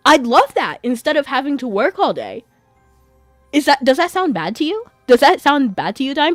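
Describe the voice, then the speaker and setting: A woman's voice: on the high side, no room sound. Young female game streamer, chatty and giggly, faint game music behind. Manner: chatty, giggles often between remarks. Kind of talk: casual gameplay chat.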